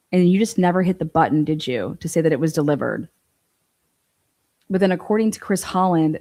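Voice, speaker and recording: A woman commentating on a true crime livestream, blunt and incredulous, swearing freely. Her voice is a touch low and mellow, with no sharpness in it.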